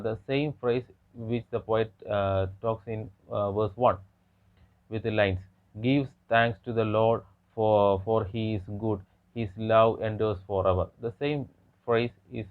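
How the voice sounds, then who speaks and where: Male lecturer with a lowish voice, halting delivery full of pauses and restarts, tinny phone-quality sound. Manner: halting, frequent hesitations and restarts. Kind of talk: academic lecture.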